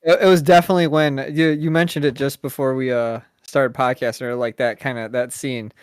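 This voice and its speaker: A man's voice: mid-range voice, fairly even intonation, fairly quick, smooth, dry recording, studio quality. A man co-hosting a podcast, talking in a laid-back, rambling way and laughing often. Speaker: podcast co-host. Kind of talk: casual chat.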